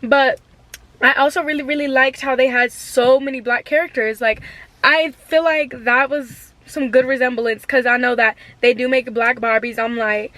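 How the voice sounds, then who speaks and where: High-voiced young woman gushing to camera. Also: steady tone, moderate pace, a bit bright. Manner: chatty and gushing, heavy with slang. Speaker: vlogger. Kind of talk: casual chat to camera.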